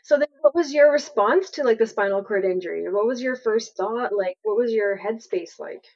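A woman hosting an interview, asking curious follow-up questions in a warm, engaged way. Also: a little high, moderate pace, dull audio. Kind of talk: conversational interview.

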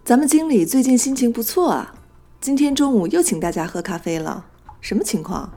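A curious young woman at the office asks a coworker what is going on in a scripted lesson dialogue, voiced by a woman teacher. Her questions are lively and her tone is mellow and soft. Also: a little high, fairly quick, soft background music.

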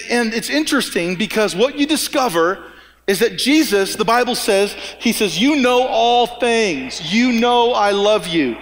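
High-voiced pastor preaching in a hall. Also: male voice, fairly bright tone. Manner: storytelling, acts out dialogue with a conversational tone. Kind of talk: sermon. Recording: long reverb of a church hall.

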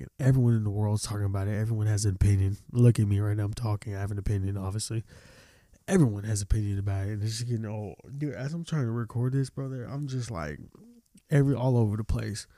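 A young adult man hosts a podcast alone, ranting casually and swearing a lot, his nose stuffed up from allergies. His voice is lowish and warm, recorded clean in a studio with no room sound. He comes across as profane, rambling and exasperated.

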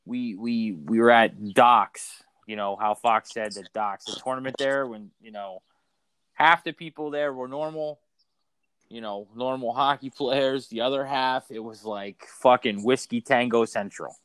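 Rambling, profane man with a smooth voice. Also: mid-range voice, unhurried, fairly bright tone, no room sound. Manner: rambling, profane, frequent restarts. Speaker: podcast co-host. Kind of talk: casual chat.

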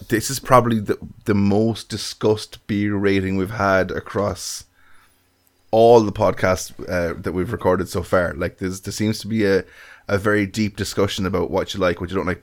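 A man's voice: low-pitched, fairly even intonation, normal speed. A man from Ireland with an Irish accent, co-hosting a casual podcast chat and often restarting his phrases. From County Galway, Ireland. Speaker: podcast co-host.

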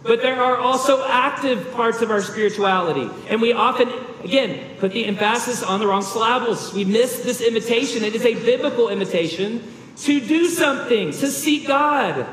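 A man pastor delivers an emphatic, earnest sermon, pressing his points with rhetorical questions. His voice sits high for a man. The sound rings through a long, reverberant sanctuary with a faint room hum behind it. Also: normal speed, fairly bright tone.

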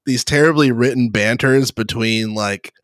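A man's voice: mid-range voice, measured pace, a bit bright, no room sound. Easygoing man on a dry mic. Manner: easygoing, laughs along, many fillers. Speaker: podcast co-host. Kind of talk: casual gaming chat.

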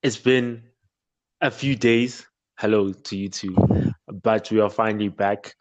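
A man's voice: fairly low pitch, fairly even intonation, a little slow, dry recording. Laid-back male podcast host. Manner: laid-back, full of fillers and laughs. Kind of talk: casual podcast chat.

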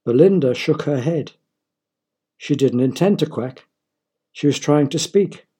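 Husky man reading a children's story. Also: on the high side, expressive, measured pace, warm tone. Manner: playful, asks listeners questions.

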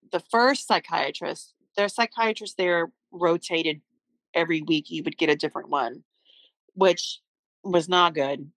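A woman's voice: on the low side, fairly bright tone, no echo, low-quality recording. A middle-aged woman, a mother appearing as a podcast guest, recounting a family story in earnest, heartfelt conversation.

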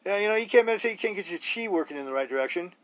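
A man's voice: high-pitched, lively intonation, rapid-fire, fairly bright tone. A man hosting a solo podcast, talking bluntly and rawly in a rambling way, full of rhetorical questions. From Idaho, US. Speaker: podcast host.

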